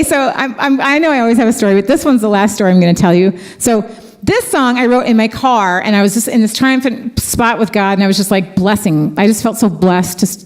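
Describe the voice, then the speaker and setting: A woman's voice: medium pitch, a little mellow. Chatty middle-aged woman worship leader. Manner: chatty, heartfelt, laughs easily. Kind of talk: casual storytelling between songs at a church concert. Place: church event space.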